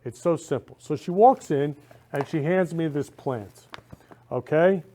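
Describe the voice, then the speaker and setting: A man's voice: on the high side, a little slow, mellow. A man hosting a talk show, speaking casually and effusively, rambling and constantly saying he loves people. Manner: effusive, repeats "love" and "I love you" constantly; rambling with frequent restarts.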